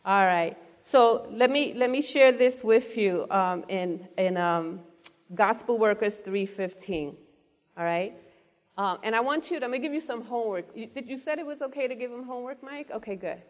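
A woman's voice: fairly high pitch, normal speed. Earnest woman preaching in a reverberant hall. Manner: earnest, engaging the audience with questions. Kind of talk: sermon. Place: church hall before a congregation.

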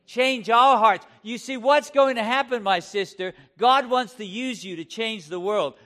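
A man with a notably high voice preaches with fervor. He fires rhetorical questions at his listeners and leans hard on key words, slowing down to stress them. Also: fairly bright tone. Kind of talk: sermon.

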